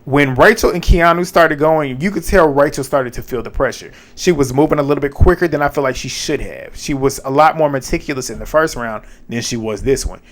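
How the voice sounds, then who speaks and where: A man giving a casual, animated recap of a reality TV episode, slangy and profane, laughing often. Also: on the high side, fairly quick, hardly any pauses.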